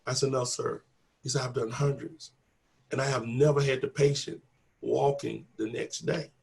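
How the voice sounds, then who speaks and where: His voice is medium-pitched, creaky and darkish, with little pitch movement and a normal speed. Being interviewed, he relates a personal story conversationally, acting out each exchange with "I said" and "he said" in earnest, faith-filled testimony.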